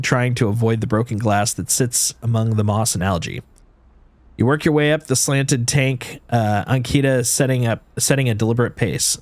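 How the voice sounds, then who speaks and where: A man's voice: mid-range voice, no room sound. A man streaming, reading a video game's story aloud in second person, often restarting his phrases.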